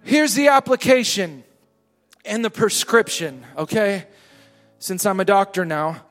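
A man, a pastor, preaching a sermon with call and response to a congregation, swinging between loud shouting and quiet murmuring. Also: sits high, lively intonation, measured pace. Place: church hall with a congregation. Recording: live hall with long reverb and soft music.

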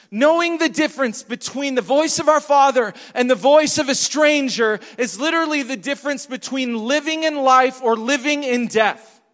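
A pastor preaching a sermon, emphatic and repetitive, asking the congregation questions. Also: male voice, very high-pitched, fairly bright tone. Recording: long hall reverb.

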